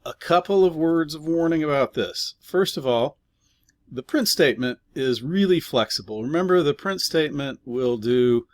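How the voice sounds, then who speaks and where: Relaxed man explaining code, dry sound. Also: a little high, normal speed, dry recording. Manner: relaxed explaining with fillers and asides. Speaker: programming teacher. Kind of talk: casual screen-recorded coding lesson.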